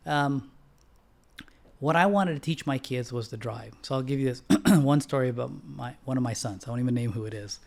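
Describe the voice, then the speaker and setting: Man, middle-aged, podcast guest, storytelling, throat-clearing, lively high outbursts. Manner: animated storyteller, acts out quotes with sudden high-pitched outbursts. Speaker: bank founder and CEO, podcast guest. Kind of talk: casual storytelling interview.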